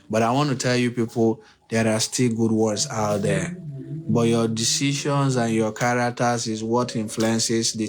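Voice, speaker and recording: A man hosting a livestream, giving relationship advice in an unscripted monologue. He repeats his points, asks his own rhetorical questions and speaks straight to his listeners. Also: fairly low pitch. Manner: preachy, repetitive, uses rhetorical questions; addresses listeners directly and emphatically.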